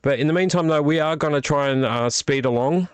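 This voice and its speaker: A man hosting a casual late-night vlog from a small room at home, his voice strained and croaky from illness, rambling and self-deprecating with many fillers. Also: on the high side, a little fast, dry recording. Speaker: vlog host. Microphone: attached desktop microphone.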